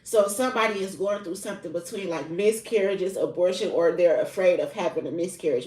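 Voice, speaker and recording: A woman's voice: lowish voice, fairly quick, few pauses, darkish tone. A young adult woman, a spiritual reader, telling a personal story in a candid, heavily profane, casual confessional way. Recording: roomy echo, mic at a distance.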